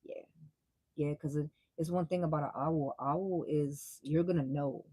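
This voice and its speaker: Husky-voiced woman reading tarot. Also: deep voice, fairly even intonation, a little slow, warm tone, no echo, low-quality recording. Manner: blunt, profane, slangy and laughing. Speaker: tarot reader. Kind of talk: casual live tarot reading.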